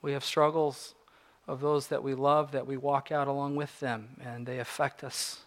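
A man in his forties preaching a sermon, earnest, moving between soft reflective passages and rising emphatic ones. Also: medium pitch, little pitch movement, normal speed. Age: 40s. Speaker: pastor.

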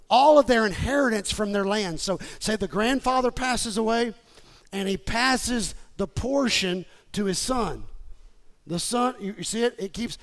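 High pitched guy preaching hard, dropping low then yelling. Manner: emphatic preacher, swings from low asides to shouting. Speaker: pastor. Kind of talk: sermon.

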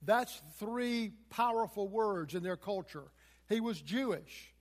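Male preacher, high voice, verse-by-verse sermon, plain conversational retelling, long hall reverb. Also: expressive, slow pace. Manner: expository preaching, retells scripture in plain everyday words.

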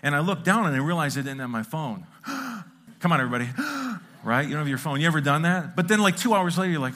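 A pastor telling a lively, self-mocking story in a sermon, acting out sounds and his own thoughts. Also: a little high, a little fast. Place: church sanctuary.

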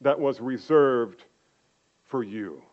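An older man preaching a sermon, slow and emphatic, swinging from loud declarations down to quiet, intimate asides. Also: mid-range voice, highs cut off. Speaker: pastor.

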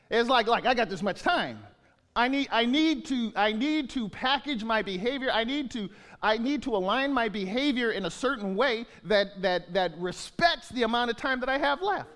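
Man, sixties, pastor, high-pitched, conversational sermon, repeats and restarts words. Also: lively intonation, moderate pace, a bit bright. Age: 60s. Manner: conversational preaching with many restarts and repetitions.

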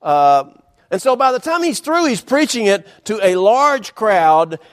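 Man, pastor, high voice, sermon, emphatic repetition, folksy humor, church sanctuary. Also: very animated. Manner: dynamic preaching with dramatic pauses and emphatic repetition.

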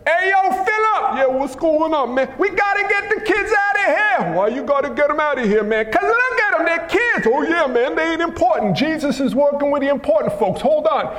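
A man voicing a loud, streetwise male disciple with slangy, brash shouting, in an echoey hall. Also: very high-pitched, sing-song, moderate pace, hardly any pauses, slight background noise, pitched above the performer's own voice, exaggerated voice. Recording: echoey hall with long reverb.

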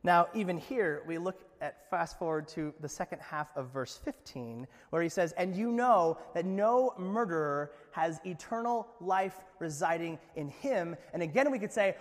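A man preaching a sermon in a conversational, joking way, with quick asides to the congregation. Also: fairly high pitch, long reverb tail. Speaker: pastor.

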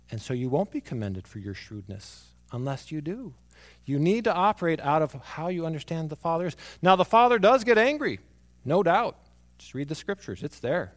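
A man preaching a sermon, moving from hushed, near-whispered lines to emphatic ones as he tells stories about his young son. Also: a little high, animated, normal speed. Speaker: pastor.

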